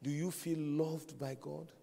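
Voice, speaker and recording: A man in his fifties delivers a sermon at a slow, deliberate pace. His voice is mellow and a little high for a man, and he presses his points with repeated questions. The sound rings with the long reverb of a large hall. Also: level tone, creaky. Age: 50s. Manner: earnest, repeats questions, rises to loud emphatic peaks. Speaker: preacher.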